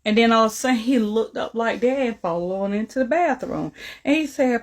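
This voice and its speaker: An older woman, a grandmother, telling a story about her grandchild in a casual video, in an animated, emphatic way. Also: a little high, brisk.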